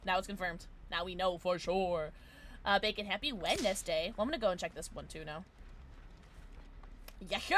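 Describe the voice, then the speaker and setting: Bright, lively young woman streamer. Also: mid-range voice, no room sound. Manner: excitable, chatty, quick bursts of laughter and shouts. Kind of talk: live gameplay commentary.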